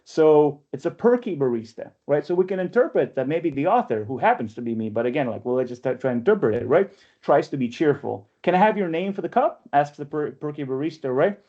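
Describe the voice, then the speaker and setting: A man leading an online poetry workshop, chatty and playful, often checking in with a quick "right?" as he explains. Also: medium pitch, lively intonation, mellow. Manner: chatty, ends phrases with frequent "right?" tag questions; playful and self-mocking. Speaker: workshop leader and poetry editor. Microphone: video call microphone. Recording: dull lo-fi video call audio.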